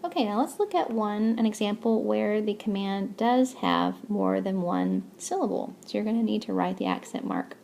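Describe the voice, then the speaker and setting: A woman's voice: mid-range voice, gravelly, dark tone, a little hiss or hum. A woman teaching a recorded language lesson, explaining step by step with patience and checking in with "okay?". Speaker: Spanish teacher.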